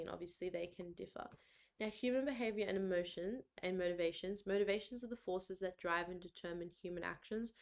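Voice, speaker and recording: A young woman with an Australian accent giving a casual revision lecture, chatty and laughing between points, with "like" and "low-key" all through. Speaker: exam revision presenter.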